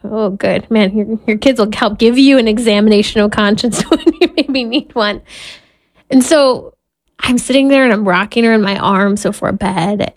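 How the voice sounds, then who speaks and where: A woman's voice: medium pitch, moderate pace, no room sound. A woman, probably in her thirties, giving a Catholic faith talk as a mother, earnest and candid, laughing at herself as she tells family stories. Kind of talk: personal faith talk with storytelling.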